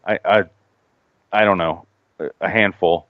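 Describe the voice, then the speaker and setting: Profane, animated podcast host, low voice. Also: male voice, a little slow, no echo. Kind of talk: casual chat. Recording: dull lo-fi podcast audio.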